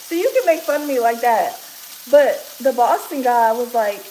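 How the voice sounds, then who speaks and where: A woman's voice: fairly high pitch, animated, moderate pace, dark tone, slight background noise. Chatty Kentucky woman cooking on a livestream. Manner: chatty, laughs often, reads out viewer comments. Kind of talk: casual livestream chat while cooking. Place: home kitchen. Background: sizzling pan.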